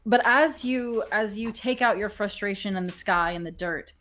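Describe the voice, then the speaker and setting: A woman's voice: medium pitch, normal speed, fairly bright tone. Laid-back woman running a tabletop game. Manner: casual, profane, laughing often. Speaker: game master.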